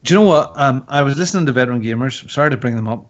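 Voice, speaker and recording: A man's voice: medium pitch, lively intonation, racing. A man hosting a podcast in casual chat, joking and teasing as he rambles through topics. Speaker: podcast host. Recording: dull lo-fi audio.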